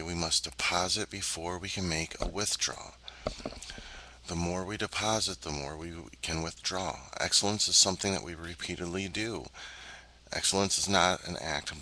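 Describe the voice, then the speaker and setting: A man with a very low-pitched voice and a strikingly bright, forceful tone talks through a self-help lesson. He speaks earnestly and deliberately, pausing on ums and uhs, and leans into his points as he addresses viewers directly. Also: poor audio.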